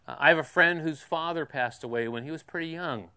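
A male pastor giving a sermon, speaking in a conversational way with questions to the congregation and swings between loud emphasis and quiet asides. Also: fairly high pitch, brisk, clean tone.

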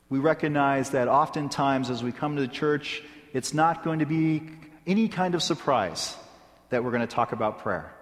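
A male pastor preaching a sermon in a measured way, with deliberate pauses. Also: fairly high pitch, long reverb tail. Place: church sanctuary.

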